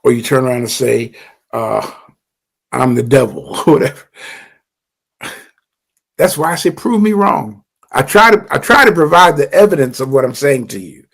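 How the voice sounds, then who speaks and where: A man's voice: medium pitch, lively intonation, moderate pace, creaky, pauses often, a bit bright. A man hosting a livestream, speaking earnestly and directly to his followers, often repeating and restarting phrases. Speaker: livestream host. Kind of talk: impassioned livestream address to followers.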